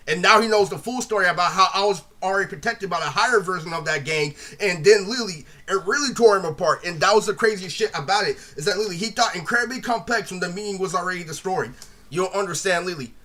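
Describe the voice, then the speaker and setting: A man rants at a rapid clip, rambling bluntly and swearing as he retells a quarrel. His voice is high for a man, bright and sharp-edged, and he keeps circling back to the same filler words. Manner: rambling, repeats "literally" constantly, blunt and profane. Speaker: vlogger retelling a feud. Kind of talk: ranting monologue.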